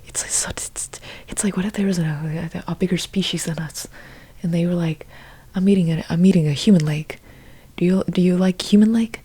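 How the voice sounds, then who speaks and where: A woman's voice: lowish voice, a little fast, mellow, breathy edge. A young woman in whispered role-play, rambling through an absurd monologue in a mostly whispered voice, stumbling and restarting often. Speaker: ASMR creator.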